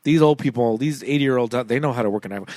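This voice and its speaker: A man's voice: medium pitch, very fast, a little mellow, no room sound, studio quality. A man co-hosting a podcast in casual chat, laughing often and slipping into silly voices. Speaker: podcast co-host.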